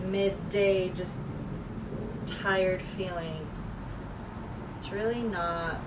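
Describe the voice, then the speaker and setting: A woman talking casually to the camera in a vlog, relaxed and chatty, trying to enunciate clearly. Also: medium pitch, extremely slow, far from the mic, background noise. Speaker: vlogger.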